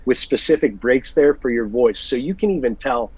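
A man, a working actor, chatting in an interview and telling lively stories about his work in an earnest, animated way. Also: mid-range voice, moderate pace, breathy edge. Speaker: guest actor. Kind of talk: casual interview chat. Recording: dull lo-fi sound.

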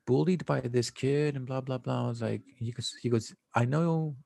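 Gravelly husky male podcast guest. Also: medium pitch, moderate pace, warm tone, dry recording, clean studio sound. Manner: rambling storyteller, swears, mixes in Spanish slang. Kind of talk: casual chat.

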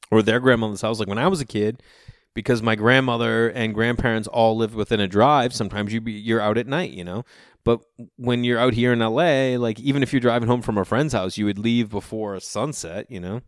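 A man from the Boston area telling rambling casual stories, jumping into animated voices for the people he quotes. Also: mid-range voice, dry recording, clean studio sound. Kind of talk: casual storytelling monologue.

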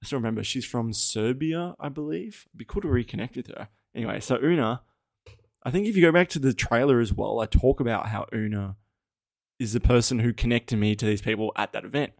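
A man's voice: mid-range voice, fairly quick, vocal fry, darkish tone, no room sound, clean studio sound. Candid Australian man hosting a podcast. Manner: candid, swears freely, laughs often. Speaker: podcast host. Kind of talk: casual solo podcast storytelling.

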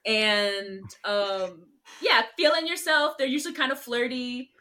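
A woman guest in a casual chat, giggly and talking in quick, excited bursts. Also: on the high side. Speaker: guest, cosplayer.

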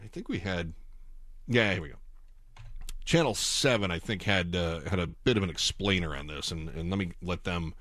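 Sarcastic man with a lively, leaping voice. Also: sits low, normal speed, no room sound. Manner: mocking, exasperated, swings between mumbling and outbursts. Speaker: commentator reacting to news clips. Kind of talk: sarcastic reaction commentary.

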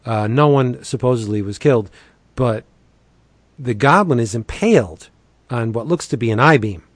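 A man in casual chat, excitedly recapping a story with many restarts and little acted quotes. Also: medium pitch, normal speed, no echo. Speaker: podcast co-host reviewing comics.

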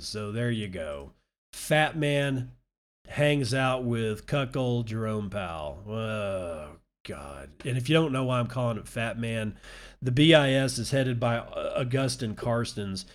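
Sarcastic, foul-mouthed male news host. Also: medium pitch. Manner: sarcastic, profane, mocking asides. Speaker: crypto news show host. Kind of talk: casual news commentary, reading articles aloud.

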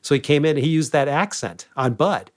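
A man who once managed a comedy club, telling animated backstage stories and acting out what people said. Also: fairly high pitch, moderate pace. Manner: animated anecdotes, acting out quoted lines. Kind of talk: storytelling interview guest.

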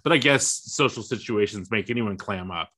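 Bright-voiced man musing casually. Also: fairly low pitch, moderate pace. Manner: musing, hedging, says "like" often. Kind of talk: casual chat.

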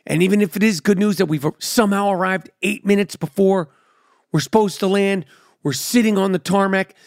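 A man's voice: sits high, fairly quick, dry recording, clean studio sound. A man hosting a podcast who delivers a profane, exasperated comedic rant with emphatic, swearing rhythms. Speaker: podcast host.

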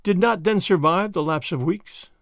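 A man reading an audiobook, voicing a sly, sarcastic French agent who speaks quietly with mock gallantry. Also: sits high, normal speed, no echo, studio quality. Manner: quiet, smooth, mockingly gallant. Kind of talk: audiobook character voice.

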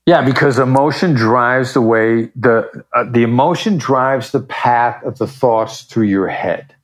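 A man's voice: mid-range voice, a little slow. A man being interviewed as a negotiation expert, talking in a confident, emphatic way and acting out short examples as he explains. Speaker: podcast guest, negotiation expert. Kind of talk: conversational interview.

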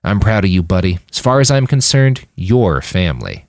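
A man's voice: sits low, sing-song, moderate pace, dry recording, studio quality. A man voicing a wiry male fighter who sounds falsely sweet and purring, with menace underneath, in a spoken fiction story. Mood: warm.

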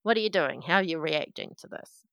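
A woman narrating a tabletop role-playing game as game master, in a lively descriptive way. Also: deep voice, brisk, creaky, no room sound, dull audio.

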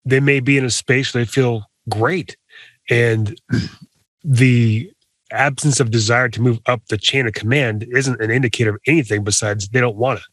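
Measured, thoughtful male co-host. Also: medium pitch, steady tone, a bit bright, no room sound. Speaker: podcast co-host. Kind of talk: casual podcast chat.

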